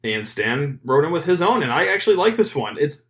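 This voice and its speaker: A man hosting a casual sports podcast, talking in an energetic, joking way and reading ads. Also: fairly high pitch, brisk, few pauses. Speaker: podcast host.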